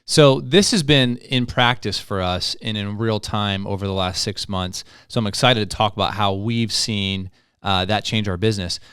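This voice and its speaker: A man co-hosting a real estate podcast, joking and energetic as he introduces a guest. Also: lowish voice, moderate pace, smooth, no echo, clean studio sound. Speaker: podcast co-host.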